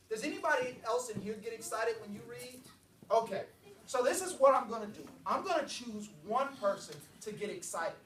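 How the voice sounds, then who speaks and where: A man, a children's author, reading aloud to a classroom of young kids, playful and lively, leading call-and-response. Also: very high-pitched, slight background noise. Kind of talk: animated classroom read-aloud. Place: classroom, indoors. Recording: echoey classroom heard from far off.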